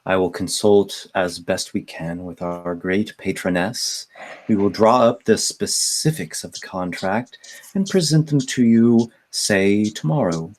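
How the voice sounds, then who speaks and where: A man's voice: low-pitched, unhurried, a little mellow. A man voicing a gracious, persuasive madam who hosts paying guests, speaking courteously in a tabletop game. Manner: smooth, courteous, persuasive host talk. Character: gracious female madam of a house.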